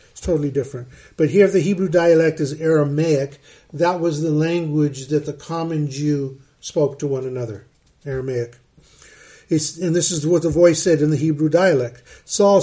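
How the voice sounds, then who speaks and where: Casting: middle-aged male pastor, slightly high, mellow voice, chatty verse-by-verse teaching. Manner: conversational, repeats words while thinking.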